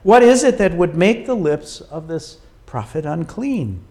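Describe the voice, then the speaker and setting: A man preaching a sermon, emphatic and dramatic, often dropping to a quiet, low delivery for weight. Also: sing-song. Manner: slow, emphatic preaching with dramatic drops in volume.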